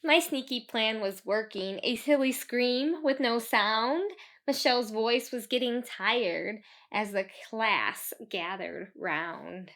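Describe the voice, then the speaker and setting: A woman's voice: a little high, slow pace, a bit bright. A woman reading a children's book aloud, stopping for chatty asides to explain the story to kids. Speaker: storybook reader.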